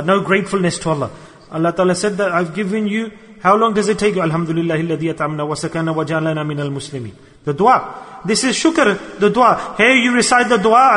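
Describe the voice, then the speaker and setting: A man with a high voice and delivers an earnest, animated sermon. He slips into quoted voices as he talks, and his words ring out with the long reverb of a large hall. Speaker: preacher.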